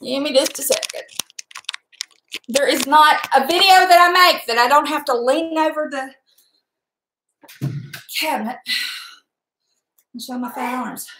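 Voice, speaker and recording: A middle-aged woman with a drawl, chatty and blunt, talking through a craft project as she works. Her voice sits a little high. The sound is echoey, as if she were in a bare room at home. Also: unhurried, long pauses, bright, forceful tone, slight background noise. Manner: chatty, blunt, mild cursing, talks while working. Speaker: crafting vlogger. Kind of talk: casual crafting livestream chat.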